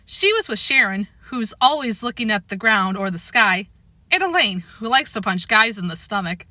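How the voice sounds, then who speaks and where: A woman reading a children's chapter book aloud, expressive and animated. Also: medium pitch, moderate pace, no room sound. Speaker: reader. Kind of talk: storybook reading.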